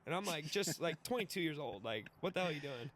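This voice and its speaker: With a fairly high voice and a quick pace, a twenty-something podcast guest casually recounts a wild tale, swearing, laughing, and animatedly performing the characters' voices. There's slight background noise.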